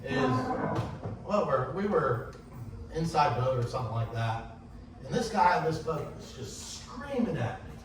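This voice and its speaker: A man with a fairly high voice gives a casual sailing lesson, telling stories and mimicking rivals who shout at him. He sounds far from the mic, in a very echoey room with faint hiss underneath. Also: very animated, unhurried. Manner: anecdotal, acts out shouting sailors in quotes. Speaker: sailing instructor. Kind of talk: casual classroom talk on racing rules.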